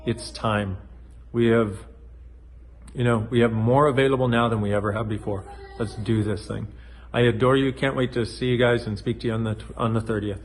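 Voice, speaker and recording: A man's voice: mid-range voice, normal speed, a little hiss or hum. Middle aged guy doing a self help vid to camera, playful, goes off on tangents, swears a bit, normal mid voice. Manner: animated, playful, jumps off track, swears now and then. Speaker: self-help video host. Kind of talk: casual motivational talk to camera.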